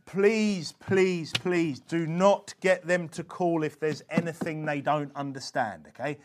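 A man's voice: on the high side, slow, a little hiss or hum. A man giving an informal religious teaching talk, earnest and emphatic, often checking in with "okay?" and restarting his phrases. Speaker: evangelism instructor.

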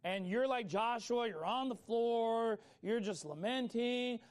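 A man preaching a sermon in a casual, conversational way, acting out people's complaints and urging listeners to get up and act. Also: extremely high pitch. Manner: fast, animated delivery. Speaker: pastor.

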